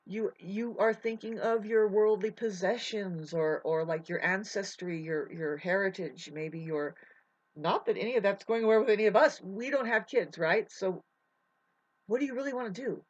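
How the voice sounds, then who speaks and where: A woman in a rambling spiritual monologue, emotional and swearing, drifting between soft musing and loud outbursts. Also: medium pitch, normal speed. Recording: dull lo-fi audio.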